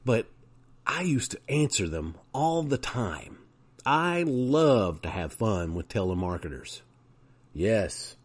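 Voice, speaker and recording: Male podcast host, casual storytelling, lively pitch, chatty. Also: slow. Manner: animated, chatty anecdotes.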